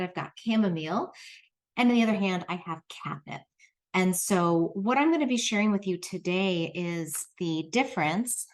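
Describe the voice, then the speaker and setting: A woman who is a clinical herbalist and podcast host, giving a casual, chatty spoken lesson about herbs. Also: on the low side. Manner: chatty, explanatory, friendly.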